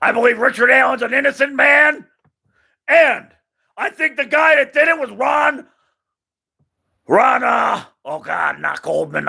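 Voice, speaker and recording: A man's voice: high-pitched, creaky, bright, forceful tone, slightly rough. A man hosting his own channel, talking off the cuff in an emphatic, rambling way, repeating himself and groping for names. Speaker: channel host. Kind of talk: unscripted opinion monologue.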